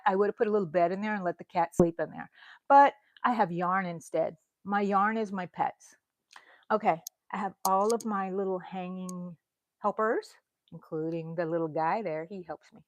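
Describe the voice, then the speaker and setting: A middle-aged woman with a medium-pitched voice, recorded with no room sound, chats casually on a live stream. A crochet vlogger, she tours her small home craft room, drifting from one item to the next.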